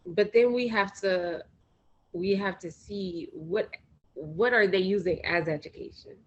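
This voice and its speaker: Husky-voiced woman telling stories animatedly. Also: medium pitch, a little slow, muffled recording. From United States. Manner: animated storytelling, acts out quoted exchanges. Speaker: podcast guest, actress. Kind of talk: casual interview chat.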